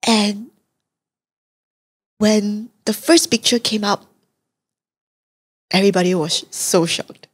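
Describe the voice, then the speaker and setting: A young woman guest on a podcast, telling her story in a candid, reflective, soft-spoken way. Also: medium pitch, slow, long pauses, slightly rough. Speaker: guest, advocate. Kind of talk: interview storytelling.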